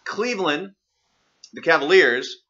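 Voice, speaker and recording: A man's voice: on the high side, animated, unhurried, highs cut off, a loud crowd. A man from Oregon hosting a radio show, teasingly quizzing his co-host in casual banter. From Oregon, USA. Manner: playful, teasing quizmaster.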